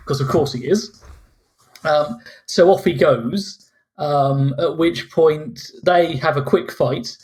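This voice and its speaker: A man with a fairly high voice rants through a casual podcast chat. He sounds exasperated and mocking, and keeps slipping into sarcastic little reactions. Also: takes it slowly, a little mellow. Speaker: podcast co-host. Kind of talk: casual ranting film review.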